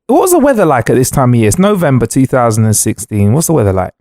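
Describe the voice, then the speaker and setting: A man's voice: medium pitch, quick pace, no room sound, studio quality. A young British man hosting a podcast, asking questions in a jokey, casual way. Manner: jokey, prompting questions, lively. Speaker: podcast host. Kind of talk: casual chat.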